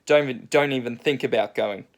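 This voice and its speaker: A man's voice: mid-range voice, a little fast, close to an everyday voice. A man voicing a hot-headed, aggressive surfer who scolds others in a preachy way. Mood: scolding.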